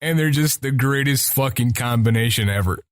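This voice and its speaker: A man co-hosting a podcast in casual chat, animated, joking and swearing freely. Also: medium pitch, moderate pace, dry recording, clean studio sound. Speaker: podcast co-host.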